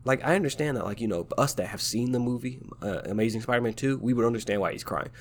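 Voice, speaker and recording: A man hosts his podcast in a relaxed, slangy way, sounding stuffed up from a blocked nose. His voice sits at an ordinary middle pitch, with a faint background hum under it. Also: fast. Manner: laid-back, slangy, fond of "like" and "man". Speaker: podcast host and novelist. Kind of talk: casual chat about writing craft.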